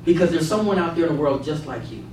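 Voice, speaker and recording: High-voiced preacher in echoey church. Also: male voice, expressive, quick pace, a little mellow, slight background noise. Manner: call-and-response preaching with humorous storytelling. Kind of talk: sermon. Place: church room with a congregation. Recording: very echoey room, mic far off.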